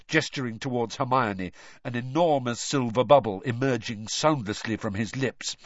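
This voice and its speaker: A man narrating a novel as an expressive audiobook reader. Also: mid-range voice, moderate pace, dry recording, lo-fi sound. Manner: expressive storytelling.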